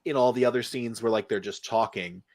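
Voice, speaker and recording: A man in casual podcast banter, talking loosely and peppering his sentences with "like". His voice sits at an ordinary middle pitch, recorded dry and close. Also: brisk, a little mellow, no room sound. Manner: laid-back, heavy use of "like", laughs along. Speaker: podcast co-host. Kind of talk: casual movie review chat.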